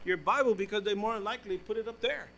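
A male pastor preaching a sermon in church, calling out to the congregation and switching between loud exhortation and hushed, folksy storytelling. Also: high voice, quick pace, slight background noise, low-quality recording.

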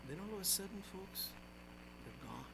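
An older man preaching a sermon as pastor, his voice swinging from loud exclamations down to quiet asides. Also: sits high, sing-song, moderate pace, heavy background noise.

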